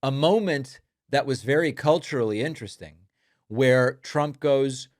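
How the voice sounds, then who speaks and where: A man's voice: medium pitch, unhurried, no echo, clean studio sound. A man hosting a political commentary show, mocking and sarcastic in his delivery.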